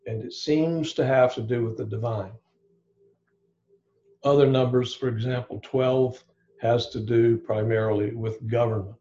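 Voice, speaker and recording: A man's voice: medium pitch, fairly even intonation, unhurried, mellow, highs cut off. A man giving an informal evening Bible study, thinking aloud with frequent restarts and asides.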